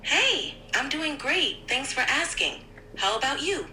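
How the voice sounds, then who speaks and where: A synthetic female AI assistant voice, upbeat and polite, smoothly helpful in conversation. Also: sits high, sing-song, unhurried, pushed and bright, echoey room, slight background noise, rough recording.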